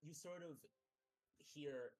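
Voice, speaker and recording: A man's voice: on the high side, takes it slowly, darkish tone. A man running a tabletop game as game master, narrating in a casual, loose way with many fillers.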